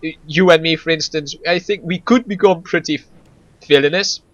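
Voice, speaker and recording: A man chatting casually on a gaming show, rambling along with stammers, restarts and frequent laughs. His voice sits a little high. The recording is dry and close. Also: moderate pace, fairly bright tone, no echo, highs cut off. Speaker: gaming podcast co-host. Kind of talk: casual chat.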